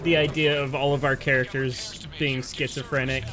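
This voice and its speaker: Animated man chatting over a game. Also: medium pitch, moderate pace, over music. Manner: animated, laughs often, talks in bursts with many "like"s. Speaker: let's play co-host. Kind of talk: casual gameplay commentary.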